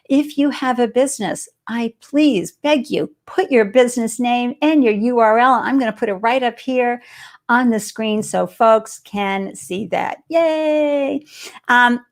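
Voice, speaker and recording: Boston-accented woman, live stream host, bubbly and upbeat, voice sits a bit high. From Boston area, US. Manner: bubbly and enthusiastic.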